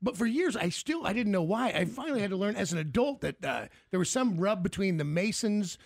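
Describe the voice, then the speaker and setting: A man telling personal stories in a casual chat, talking quickly with lots of restarts. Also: sits high, expressive, no echo, studio quality. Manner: rapid, gravelly storytelling with frequent restarts.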